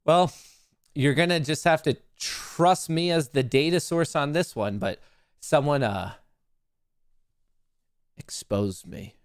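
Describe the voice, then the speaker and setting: A man's voice: fairly high pitch, a little slow, clear, resonant tone, no echo, clean studio sound. A man hosting a live stock market stream, chatting in a joking, rambling, self-mocking way.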